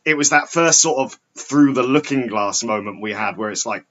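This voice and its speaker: A man's voice: mid-range voice, moderate pace. Giggly man on a muffled lo-fi podcast. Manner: laughing often, swearing, telling stories with animated quoting. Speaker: podcast guest. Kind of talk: casual chat. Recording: dull lo-fi sound.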